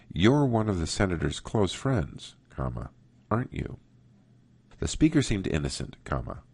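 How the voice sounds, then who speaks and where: A man teaching a writing workshop, reading example sentences aloud in a slow, deliberate way. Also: very deep voice, creaky, no room sound. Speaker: writing instructor. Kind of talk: recorded grammar lesson.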